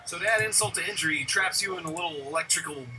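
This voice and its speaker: A man hosting a video essay in an animated, profane style who swears a lot and shouts when he gets excited. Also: high voice, racing, loud music behind the voice, rough recording.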